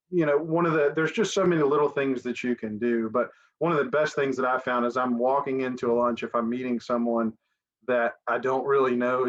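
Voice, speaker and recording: A man's voice: medium pitch, a bit bright. Easygoing man with a dull recording. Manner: easygoing, jokes and interjects. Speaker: podcast co-host. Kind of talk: casual business podcast chat.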